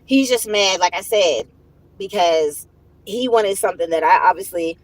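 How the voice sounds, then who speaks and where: A woman's voice: mid-range voice, moderate pace, no room sound, low-quality recording. Woman livestream host, casual storytelling, cusses freely, laughs through it, dry close sound. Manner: profane, laughing, animated retelling.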